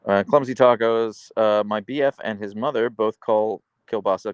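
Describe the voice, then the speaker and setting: Gravelly-voiced male live streamer. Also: lowish voice, fairly quick, hardly any pauses, dry recording. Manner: playful, teasing, chatty. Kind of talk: casual live-stream chat, reading comments aloud.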